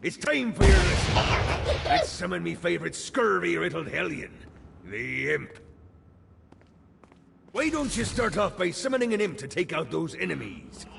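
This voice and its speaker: An actor playing a boisterous, scheming pirate captain in a video game, with a gravelly pirate brogue and swaggering, theatrical delivery. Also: male voice, sits high, big pitch swings, moderate pace, long pauses, very noisy, exaggerated voice. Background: game music.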